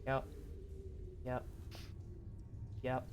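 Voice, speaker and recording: A man's voice: extremely slow, music in the background. A man acting as game master of a tabletop game on a stream, talking in a rambling, joking way. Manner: rambling, self-deprecating, joking.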